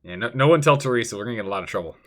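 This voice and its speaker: A young male streamer giving casual gameplay commentary, excitable, laughing often, with many fillers. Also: medium pitch, racing.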